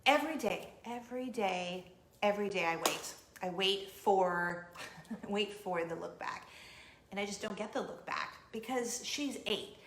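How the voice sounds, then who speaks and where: A woman in her forties hosting a casual vlog, telling giddy stories with animated acted-out quotes. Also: mid-range voice, a little slow, roomy sound, noisy background. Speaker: vlog host. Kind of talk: casual chat to camera. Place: home in Orlando.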